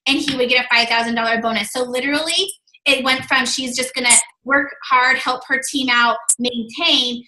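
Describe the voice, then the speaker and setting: A high-pitched woman with a bright, forceful voice hosts a team call and heaps on effusive praise. Her voice rings with a roomy echo. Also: fairly even intonation, moderate pace. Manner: effusive, many fillers like "like" and "um". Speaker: host of a team video call. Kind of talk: gushing, upbeat team-call chat.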